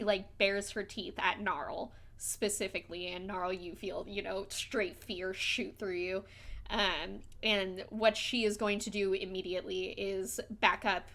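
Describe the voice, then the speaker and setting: Woman game master, bright voice, unhurried, halting narration with lots of fillers. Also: medium pitch. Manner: halting, with many fillers and restarts.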